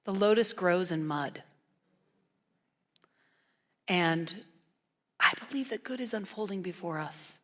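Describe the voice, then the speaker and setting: Woman minister preaching casually, lively and joking then soft and earnest, big echoey church. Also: on the low side, slow, pauses often. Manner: animated, playful storytelling with hushed earnest passages. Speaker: guest minister. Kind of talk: conversational sermon. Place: church sanctuary. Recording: long reverb from a church hall.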